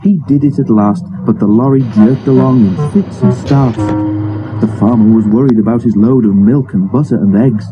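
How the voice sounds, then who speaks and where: Male storybook narrator: steady reading, lo-fi phone sound, music underneath. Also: mid-range voice, moderate pace. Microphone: old phone. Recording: dull lo-fi phone recording.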